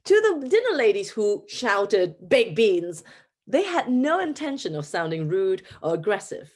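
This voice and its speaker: A woman in her thirties with a Singaporean accent, from Singapore, gives a conference talk as an English teacher at normal speed. She narrates vividly, her pitch jumping as she goes.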